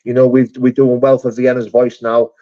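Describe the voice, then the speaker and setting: A man's voice: mid-range voice, flat delivery, moderate pace, mellow. Chatty man on lo-fi stream. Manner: chatty, matey, calls viewers mate and brother. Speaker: live stream host. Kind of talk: casual live chat reading comments. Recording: dull lo-fi stream audio.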